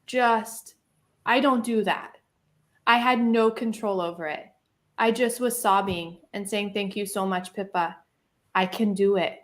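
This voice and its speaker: A woman's voice: mid-range voice, unhurried, fairly bright tone. A woman telling a personal story in a casual interview, chatty, laughing often and using lots of fillers. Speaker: guest.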